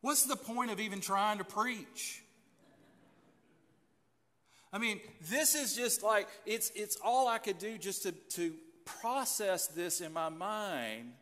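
A man's voice: high voice, expressive, a little slow, few pauses, pushed and bright. A man preaching a sermon as pastor, chatty and folksy, often restarting his sentences. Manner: folksy and conversational, with frequent restarts. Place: church sanctuary. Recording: long church hall reverb.

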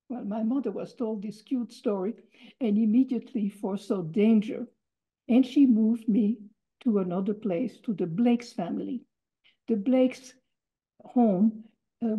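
A woman in her eighties from Belgium, reading a prepared memoir talk in a deliberate, measured way. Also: on the high side. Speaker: Holocaust survivor speaker. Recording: dull lo-fi recording.

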